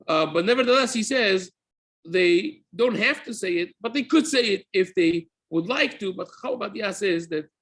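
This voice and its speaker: Bright, husky-voiced rabbi teaching. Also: male voice, high-pitched, lively intonation, normal speed. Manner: explanatory, repeats and rephrases, mixes Hebrew terms into English. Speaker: rabbi teaching daily halacha. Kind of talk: spoken Torah class.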